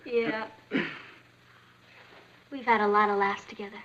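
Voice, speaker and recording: An actress playing an excitable, teasing teenage girl in a 1960s TV sitcom. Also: mid-range voice, a little slow, close to an everyday voice. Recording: dull 1960s TV sound.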